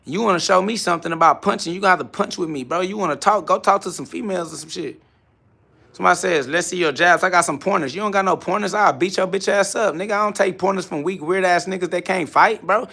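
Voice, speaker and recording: A man's voice: high voice, fast talker, creaky, bright, forceful tone. A man hosting a live stream from his garage gym, answering viewer comments in a brash, boastful, repetitive rant. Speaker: livestream host.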